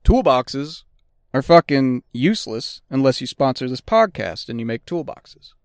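Foul-mouthed man with a smooth voice. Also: mid-range voice, sing-song, a little slow, no echo, clean studio sound. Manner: profane, blunt, swears constantly. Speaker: podcast host; auto technician. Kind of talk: casual podcast monologue.

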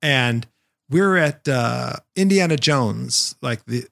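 A man's voice: mid-range voice, lively intonation, slow pace, vocal fry, fairly bright tone. A man co-hosting a podcast, telling a long story in casual chat and acting out the quotes as he goes. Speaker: podcast co-host, former Jungle Cruise skipper.

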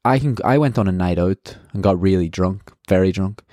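Brief: Australian male podcaster, low mellow voice, dry close sound, candid and rambling. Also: normal speed, dry recording. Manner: candid, rambling, swears freely. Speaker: podcast host. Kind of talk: casual race debrief.

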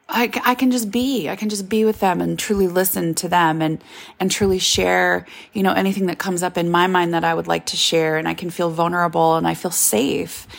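Candid woman with a gravelly voice. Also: lowish voice. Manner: candid, confessional, yawning at times. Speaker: podcast host. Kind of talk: personal storytelling monologue.

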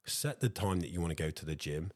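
A very low-pitched man chatting away on his own podcast, talkative and casual, often calling his listeners guys. His voice is close and dry, with no room sound around it. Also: expressive, quick pace, darkish tone, no room sound. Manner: talkative, addresses listeners as guys, repeats himself. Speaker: podcast host. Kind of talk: solo motivational podcast chat.

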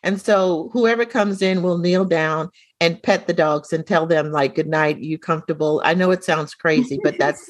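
Middle-aged female co-host, chatty and animated, dry close-mic sound. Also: low-pitched, normal speed, hardly any pauses, no room sound. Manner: animated storyteller, acts out quoted dialogue. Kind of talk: casual chat, storytelling.

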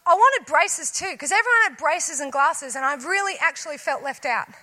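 A woman preaching a sermon, telling a personal story and acting out her own lines with lively voices. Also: high voice, normal speed.

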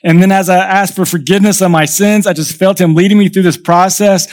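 A man's voice: sits high, fairly even intonation, a little fast. A man in his thirties preaching a sermon as pastor, telling stories conversationally and acting out the voices of people in them. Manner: conversational storytelling, acts out quoted voices.

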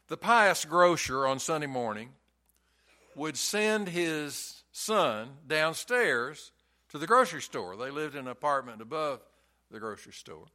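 A man preaches a Sunday sermon at an unhurried, deliberate pace. His voice is bright and clear and sits a little high. He presses each point by repeating it. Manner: slow, emphatic preaching with repeated phrases. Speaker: pastor.

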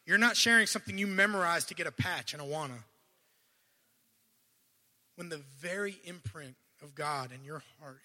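Brief: male preacher, very bright and sharp tone, animated delivery with loud bursts and hushed asides, stumbles and restarts. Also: on the high side, long reverb tail. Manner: admits to stuttering and restarting. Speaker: guest preacher. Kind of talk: sermon.

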